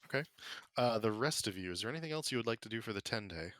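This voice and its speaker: A man narrating as game master for a tabletop game, relaxed and casual, with many fillers. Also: fairly low pitch, no room sound. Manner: relaxed, filler-heavy narration with quick voiced bits for side characters.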